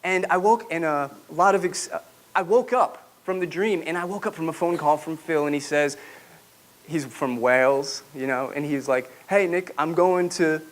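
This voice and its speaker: A man's voice: a little high, moderate pace. A man giving a personal testimony talk at a podium to a live audience, telling his story reflectively and now and then asking the audience questions. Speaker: public speaker. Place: room with an audience, speaking at a podium.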